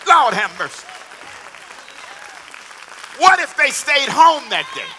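A man preaching a sermon as a pastor, telling a story with animated repetition and acted-out dialogue. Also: extremely high pitch, takes it slowly, long pauses, some chatter behind, a little hiss or hum.

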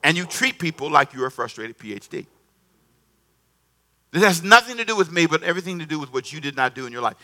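A man preaching a sermon in an animated, conversational way, repeating himself and calling on the congregation to answer. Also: fairly high pitch, fast. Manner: animated, repetitive, conversational preaching with call-and-response. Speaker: pastor.

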